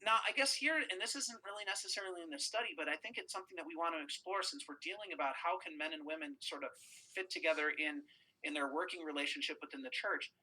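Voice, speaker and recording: A man who is a pastor and podcast host, telling lively stories in a casual discussion with many restarts. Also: on the high side, fast, rough recording. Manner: storytelling, animated, with frequent restarts.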